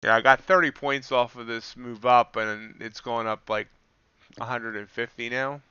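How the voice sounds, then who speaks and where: A man's voice: mid-range voice, moderate pace, clean tone, no echo, muffled recording. A man hosting a casual live stream, commenting on the futures market and answering chat as he goes. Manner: relaxed, thinks aloud, answers chat. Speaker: livestreaming futures trader.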